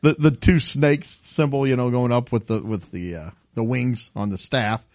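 A man's voice: medium pitch, moderate pace, no echo. A man chatting casually on a podcast, telling stories with laughter and acted-out voices. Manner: animated storyteller, acts out voices with laughs. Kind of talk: casual chat.

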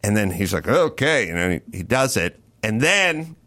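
A middle-aged man hosting a casual chat, telling a story with lots of swearing and loud bursts when he acts out his own lines. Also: lowish voice, normal speed. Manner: animated, profane, yells in retold lines. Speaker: podcast host.

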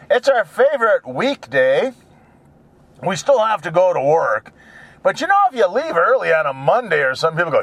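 A man talks to himself in a goofy, rambling way from a car, breaking into silly made-up song lines. His voice sits high, and he takes his time between thoughts. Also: big pitch swings, measured pace, fairly bright tone, no echo. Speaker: vlogger. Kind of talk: rambling solo vlog while driving. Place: inside a car.

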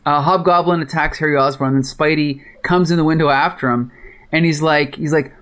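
A man co-hosting a casual podcast about comics, enthusiastic and quick to laugh. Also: fairly high pitch, steady tone, a bit bright. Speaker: podcast co-host.

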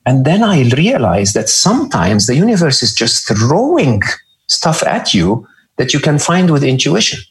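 A man's voice: medium pitch, big pitch swings, moderate pace. A middle-aged man as a podcast guest, speaking reflectively, often repeating words and checking in with "right?". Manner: thoughtful, repeats words, frequent "right?" and "hmm?". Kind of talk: reflective interview talk.

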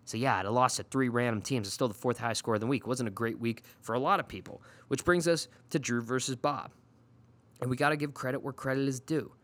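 A man hosting a casual recap of his league's matchups. He talks in an animated, sarcastic way and swears often. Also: medium pitch, fast talker. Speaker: fantasy league podcast host. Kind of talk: casual profane recap rant.

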